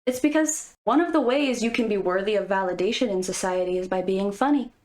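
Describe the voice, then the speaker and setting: A woman's voice: medium pitch, brisk, darkish tone. A woman vlogger giving casual, playful commentary with jokes and asides. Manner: playful, jokey, conversational.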